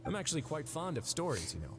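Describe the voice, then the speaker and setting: A man voicing a composed duke in a video game, speaking calmly and courteously. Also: on the high side. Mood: measured. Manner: calm, measured, courteous. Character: composed male duke running a fortress. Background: game music.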